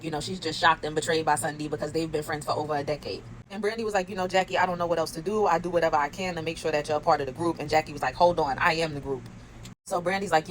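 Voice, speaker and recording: Fast-talking low-voiced woman recapping reality TV. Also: a little hiss or hum, low-quality recording. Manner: chatty, quotes cast members, laughs often. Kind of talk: casual recap commentary.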